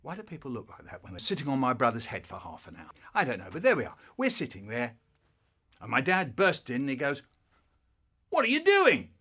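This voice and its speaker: A man's voice: mid-range voice, sing-song, quick pace, pushed and bright, husky. An older man telling a comic childhood story, acting out every character with big voices and exaggerated sounds.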